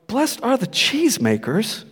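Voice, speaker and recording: A man's voice: very high voice, wildly swooping pitch, a little slow, fairly bright tone, breathy edge, long reverb tail, pitched above the performer's own voice, exaggerated voice. A man voicing a naive woman in a crowd who keeps mishearing, chirpy and puzzled.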